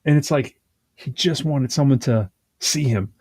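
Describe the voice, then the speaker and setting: A man of middle pitch talks casually on a podcast, his voice warm and mellow. He rambles in an animated way, restarting sentences and leaning on fillers. The sound is dry and close. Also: measured pace, slightly rough, no room sound. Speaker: podcast co-host. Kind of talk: casual conversational chat.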